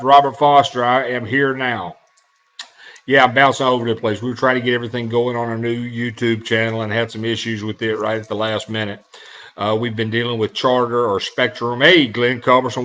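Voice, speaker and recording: A middle-aged Southern man hosts a casual live show and talks straight to his viewers. He rambles, leans on fillers and starts sentences over, in a voice of ordinary pitch for a man. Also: fairly bright tone. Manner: rambling, with many fillers and restarts. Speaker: show host. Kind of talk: casual live-stream talk.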